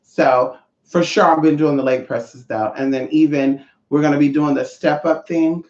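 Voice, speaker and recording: Sassy guy in his 30s livestreaming, lots of pitch swings, roomy dull audio. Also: fairly even intonation, normal speed, a little mellow. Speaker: livestream host. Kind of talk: casual livestream chat.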